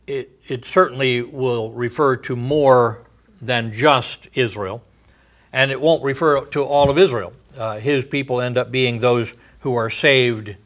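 A man preaching a verse-by-verse sermon, thinking aloud with frequent fillers and restarts, often trailing off into a low murmur at phrase ends. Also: fairly bright tone. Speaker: pastor. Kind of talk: expository sermon.

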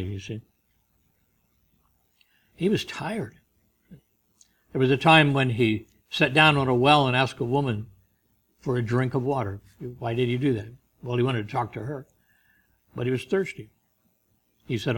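A man preaching a sermon, emphatic, with soft asides. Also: mid-range voice, measured pace, long pauses.

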